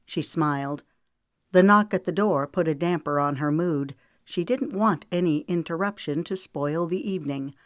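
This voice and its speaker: A woman's voice: sits low, moderate pace, no room sound. Woman narrating a novel, dry close sound. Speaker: author narrating her novel. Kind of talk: audiobook narration.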